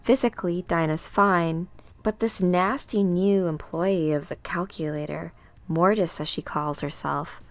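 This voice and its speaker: A woman as a calm commanding coordinator. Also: on the low side, unhurried, no echo.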